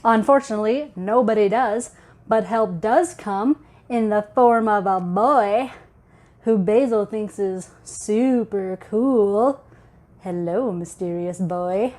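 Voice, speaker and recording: A woman's voice: medium pitch, takes it slowly, darkish tone. Woman casually retelling a comic. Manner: chatty, playful retelling. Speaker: webcomic marketer reading aloud. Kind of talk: casual comic-book read-aloud.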